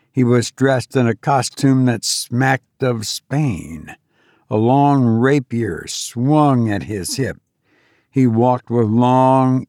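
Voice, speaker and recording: Slow gravelly male storyteller. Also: mid-range voice, darkish tone, no echo, studio quality. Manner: measured, deliberate storytelling. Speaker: narrator. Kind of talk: first-person story reading.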